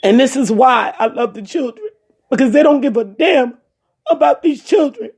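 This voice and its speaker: This personal storyteller is a woman whose voice sits high, a little mellow with a breathy edge, at a normal speed. She addresses her listeners directly in a heartfelt talk, emphatically repeating her points.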